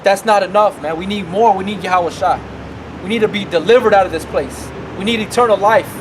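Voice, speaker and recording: A man's voice: high voice, brisk, noisy background. A man preaching a sermon outdoors as a street preacher, talking emphatically and repeating himself, often tacking on "man" and "right".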